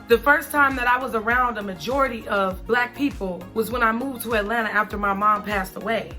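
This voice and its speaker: A woman's voice: fairly high pitch, pushed and bright. A woman from Chicago ranting in an unscripted personal vlog, emphatic and blunt, repeating points and tagging them with "okay?". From Chicago, USA. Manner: blunt, swears freely. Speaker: vlogger.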